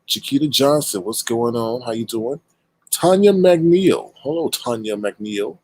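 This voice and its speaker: A man's voice: medium pitch, rough recording. A man hosting his own livestream show, greeting viewers one by one in a casual, playful way. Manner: playful, animated shout-outs with drawn-out greetings. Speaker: show host and creator.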